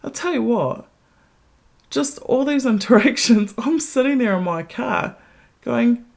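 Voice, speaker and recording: A woman hosting a podcast who tells a story in a casual monologue, blunt, candid and full of swearing, and grows more animated as she goes. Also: measured pace, creaky. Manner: blunt, heavily profane, candid; animated retelling with rising pitch. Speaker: podcast host.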